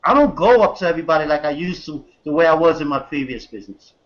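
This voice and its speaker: A man's voice: lively intonation, quick pace, highs cut off. Hyped man hosting a web call. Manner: hyped, repeats "guys", pitches a sign-up. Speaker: host. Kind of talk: motivational webinar hosting. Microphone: video call.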